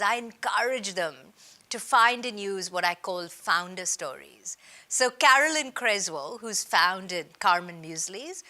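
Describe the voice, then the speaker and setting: An Indian woman living in Australia leads a business training session about storytelling. Her bright, forceful voice rises and falls in a lively way, and she drives her points home with the firm emphasis of a seasoned workshop presenter.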